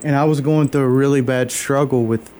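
Emotional guy telling his story in an interview, lots of ums and restarts, average pitch. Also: steady tone, darkish tone, a little hiss or hum. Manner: earnest, halting, many fillers and restarts; emotional, openly moved. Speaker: interview guest. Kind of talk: personal testimony storytelling.

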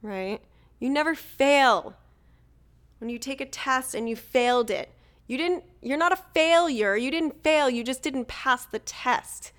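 A woman's voice: high-pitched, measured pace, fairly bright tone. A woman hosting a motivational solo podcast, talking casually, laughing easily and swearing now and then. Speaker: podcast host.

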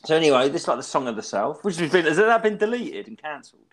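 A man in his thirties from England, chatting on a casual podcast. He rambles through his stories with a lively voice that swings up and down in pitch, and he swears freely as he goes. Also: fast talker. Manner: rambling, animated storytelling with swearing. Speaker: podcast co-host. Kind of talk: casual chat.

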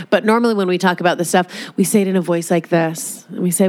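A woman's voice: fairly low pitch, fairly even intonation, fast, few pauses. A woman in a casual monologue, candid, joking and profane, who slips into mocking voices.

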